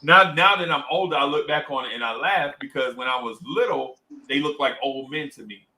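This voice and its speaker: A man's voice: a little high, fairly quick, rough recording. A man hosting a livestream, animatedly telling a story and reading out chat comments. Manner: animated storyteller, acts out voices, reads chat aloud. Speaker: livestream host.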